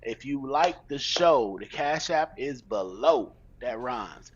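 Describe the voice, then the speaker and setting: A man hosting a podcast in casual chat. He is an animated storyteller who laughs easily and talks loose and profane. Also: medium pitch, slow pace, lo-fi sound, slight background noise. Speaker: podcast host.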